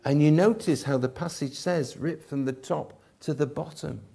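A man preaching an Easter sermon, emphatic and swinging between loud and hushed delivery. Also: a little high, normal speed, vocal fry, husky. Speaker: pastor.

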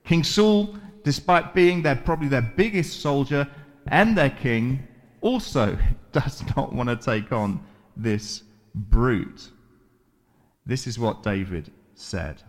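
Slow, animated male preacher. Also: mid-range voice. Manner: animated storytelling with dramatic pauses and voiced quotes; measured, deliberate delivery with repeated words. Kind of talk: sermon, retelling a Bible story.

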